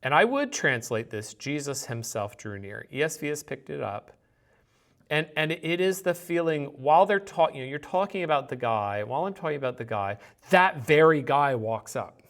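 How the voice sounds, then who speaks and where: Guy teaching greek grammar, talks it through slow and patient, walks through examples. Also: a little high, lively intonation, gravelly. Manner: thinks aloud, explains patiently with examples. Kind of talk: recorded grammar lecture.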